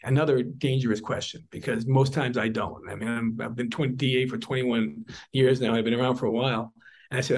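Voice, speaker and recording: A man's voice: medium pitch, steady tone, quick pace, darkish tone, poor audio. A man in his sixties, a district attorney, speaking earnestly in an interview and telling stories with frequent restarts. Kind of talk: interview talk.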